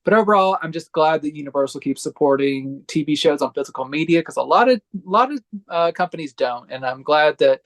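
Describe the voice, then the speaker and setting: Male podcast co-host, somewhat high pitch; casual, eager recommender, hedges with fillers. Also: lively intonation, a little fast, a bit bright. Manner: enthusiastic, hedging with fillers. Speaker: podcast co-host reviewing disc releases. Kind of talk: casual chat.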